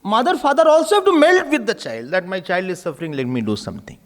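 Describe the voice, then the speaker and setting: A man, giving a spiritual discourse in an animated, storytelling manner. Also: high-pitched, fast. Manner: animated, storytelling, laughing often. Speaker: spiritual teacher.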